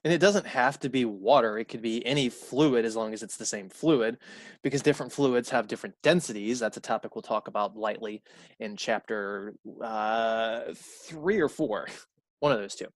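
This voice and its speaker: A male college math instructor gives a recorded lecture in a mid-pitched voice. He talks conversationally, repeats key points and corrects his own slips out loud. The room sound is close and dry. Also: normal speed, dry recording.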